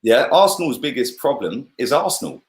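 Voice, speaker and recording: A man giving a casual, animated football review on a livestream, full of "yeah?" and "bruv". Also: mid-range voice, fairly quick, roomy sound. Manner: animated, lots of "yeah?" and "bruv", laughs often. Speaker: football channel host.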